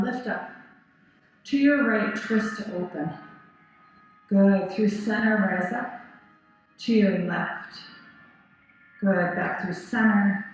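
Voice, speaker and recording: A woman leading a yoga class, giving calm, encouraging cues and praise. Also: medium pitch, a little hiss or hum. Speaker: yoga teacher. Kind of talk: guided yoga class instruction. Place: yoga studio. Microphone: 360 camera in the room. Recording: roomy, slightly dull recording with faint music.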